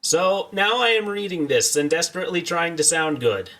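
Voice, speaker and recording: A man's voice: fairly high pitch, animated, moderate pace, fairly bright tone. A young man streaming a video game, joking and rambling as he chats to his viewers in a casual way. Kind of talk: casual let's-play commentary.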